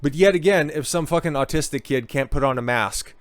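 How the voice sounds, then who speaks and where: Guy ranting sarcastic about the news, swears a ton, smooth clean voice, dry room. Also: on the high side, fairly quick, dry recording. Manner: sarcastic, profane, mocking voices of others. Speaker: political commentary host. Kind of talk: angry ranting commentary over news clips.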